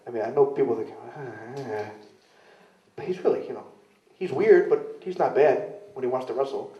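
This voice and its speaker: Speaking fast and with animation in a mid-range voice, this male wrestler rambles through self-deprecating stories as an interview guest, imitating the voices of people he quotes. It was captured at a London club venue, and the sound is dull, distant and roomy.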